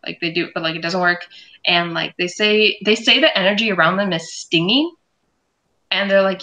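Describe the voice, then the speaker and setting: A woman with a bright, ringing voice, hosting a loose recap chat. She talks in an animated, unfiltered way and swears freely. Her pitch sits in the middle. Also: normal speed, poor audio. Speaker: show host and reviewer.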